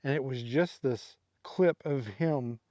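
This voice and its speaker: A man's voice: mid-range voice, slow pace, dark tone, no room sound, clean studio sound. A middle-aged man telling stories in a casual, rambling way with lots of fillers, speaking outdoors at a campsite. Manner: rambling, filler-heavy, laughs at his own stories. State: tired from a sleepless night. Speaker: vlogger. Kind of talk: casual vlog storytelling.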